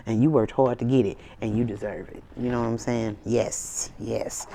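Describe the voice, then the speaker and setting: A woman's voice: a bass voice, fairly even intonation, moderate pace, few pauses, dark tone. A woman tarot reader in a casual spiritual reading to camera, talking in an emphatic, slangy, preachy way with sassy asides.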